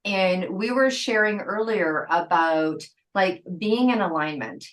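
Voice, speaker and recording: A woman in her fifties hosting a podcast, talking in a chatty, animated way and stretching some phrases out. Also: fairly low pitch, poor audio. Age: 50s. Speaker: podcast host. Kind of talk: casual interview chat.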